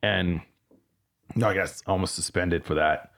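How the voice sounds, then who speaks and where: Low-pitched guy telling an old story on a podcast, rambly, swears a lot, restarts his sentences. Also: fairly even intonation, unhurried, fairly bright tone. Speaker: podcast guest. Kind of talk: candid storytelling.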